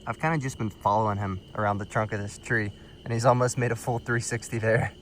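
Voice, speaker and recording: Lowish in pitch, quick, and fairly even in intonation, a man's voice comes through with a little hiss or hum. He's a field herping vlogger casually chatting as he spots snakes on a rural night road, easygoing and fond of the animals.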